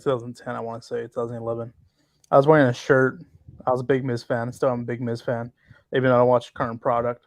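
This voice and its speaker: A man's voice: medium pitch, dry recording. A young man chatting casually on a podcast about the history of his channel, loose and rambling, swearing freely. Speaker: channel co-founder.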